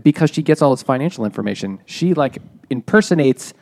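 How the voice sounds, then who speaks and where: A man's voice: mid-range voice, lively intonation, fairly quick, gravelly, a little mellow, no room sound. A man on a casual book podcast, correcting the others and summarizing the plot. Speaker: podcast co-host.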